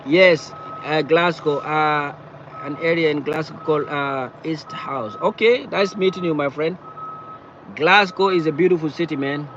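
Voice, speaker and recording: A man chatting casually on a live stream from his car, talking in halting bursts and repeating himself as he answers viewers. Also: on the high side, dull audio, noisy background. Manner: halting, repeats words and phrases often. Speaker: livestreamer reading viewer chat. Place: in or beside a parked car.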